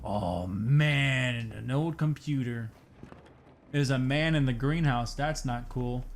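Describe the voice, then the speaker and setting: A man's voice: medium pitch, slow, a little hiss or hum. A young man playing a horror game, joking to himself and breaking into jumpy outbursts, sounding tired. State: tired, yawning. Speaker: gaming streamer. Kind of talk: horror game let's play commentary.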